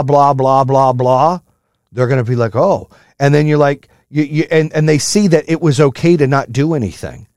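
A man giving a blunt, profane motivational rant, high-strung and fired up. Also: a little mellow, no echo, clean studio sound. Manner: blunt, heavy swearing, fired-up. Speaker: motivational speaker.

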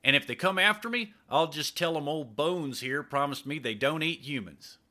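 An easygoing male crewman, played by the narrator with a raised, bright voice. He talks in a loose, joking way. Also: on the high side, expressive, moderate pace, voice pushed up.

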